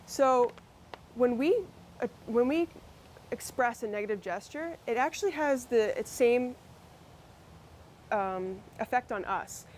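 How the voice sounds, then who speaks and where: A woman's voice: fairly high pitch, animated, a little slow, pauses often, darkish tone, slight background noise. A woman with a Massachusetts accent presenting a workshop, talking conversationally with fillers and restarts. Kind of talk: instructional workshop talk.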